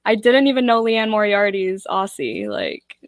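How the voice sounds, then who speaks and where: Hosting a book-club livestream, a young woman from the US laughs frequently, greets people in the chat and reads their comments out. Her medium-pitched voice is sing-song at a moderate pace, in a dry, clean studio recording.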